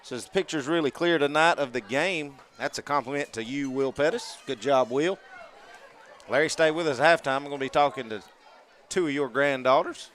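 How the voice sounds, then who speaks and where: A man in a mid-range voice, doing play-by-play for a high school football broadcast. He calls each snap briskly as it unfolds. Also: a bit bright. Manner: brisk, calling plays as they unfold. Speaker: play-by-play announcer.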